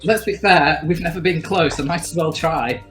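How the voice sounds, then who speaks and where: A woman's voice: low-pitched, normal speed, music in the background. A woman playing along as a trivia contestant, making wry, giggly guesses. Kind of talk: casual game chat.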